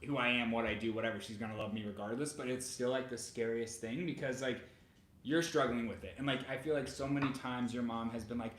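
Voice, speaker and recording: A man co-hosting a vlog, chatting excitedly and speaking straight to the viewers. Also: mid-range voice, a little fast. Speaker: vlogger, co-host. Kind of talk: casual chat. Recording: echoey room.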